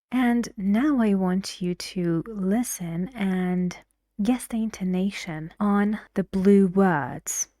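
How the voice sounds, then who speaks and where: Woman teacher, slow, measured, dry close sound, breathy asides. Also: medium pitch, no room sound. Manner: slow, deliberate explanations with frequent soft, half-whispered phrases. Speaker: English teacher. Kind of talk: explaining pronunciation in a language lesson.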